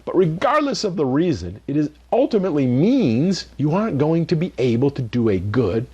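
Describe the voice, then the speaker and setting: A man's voice: fairly high pitch, very animated, normal speed, dark tone, husky, lo-fi sound. A man teaching a media training lesson to camera in a conversational way, often checking in with "right?". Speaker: culinary media instructor. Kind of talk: instructional talk to camera.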